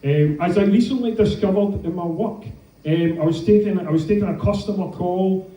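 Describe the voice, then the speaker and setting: A Scottish man in his thirties tells stand-up stories in a wry, self-mocking way, salted with swearing. His voice sits a little high for a man yet sounds mellow and dark. He is caught from some distance in an echoey room. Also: moderate pace. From Scotland. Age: 30s. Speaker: stand-up comedian. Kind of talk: stand-up comedy set. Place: comedy club stage with audience.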